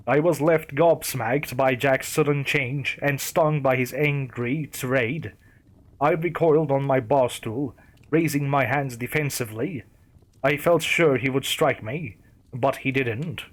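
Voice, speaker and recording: A man's voice: mid-range voice, measured pace. Man narrating a horror story.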